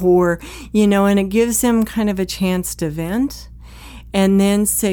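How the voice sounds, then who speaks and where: A woman's voice: medium pitch, unhurried, mellow, smooth, dry recording. A woman hosting an advice podcast, speaking conversationally and acting out short quoted exchanges between partners. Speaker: podcast host, psychologist.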